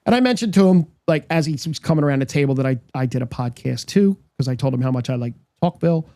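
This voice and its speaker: Podcast co-host, male, raspy-gravelly voice, animated anecdote teller, dry close mic. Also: mid-range voice, fast, no room sound. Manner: storytelling, acts out quotes, frequent restarts. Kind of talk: casual chat.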